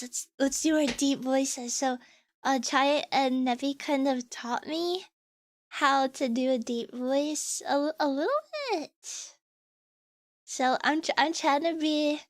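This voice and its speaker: High-voiced woman chatting on stream. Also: dry recording, clean studio sound. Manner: rambling, chatty, many fillers and restarts. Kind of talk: casual live-stream chat. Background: faint background music.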